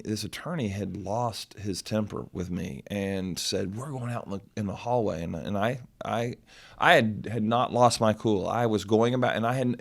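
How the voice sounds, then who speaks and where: A middle-aged man, a lawyer co-hosting a podcast, telling a story in casual chat with many restarts and loud bursts when he quotes. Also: fairly low pitch, vocal fry.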